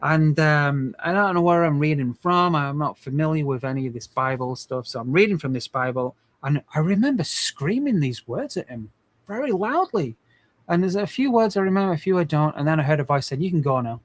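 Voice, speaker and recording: Brief: male in his forties, earnest livestream host, slightly high voice, rambling delivery. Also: animated, a little fast, no room sound. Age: 40s. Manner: earnest, rambling, many restarts. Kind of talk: casual livestream talk.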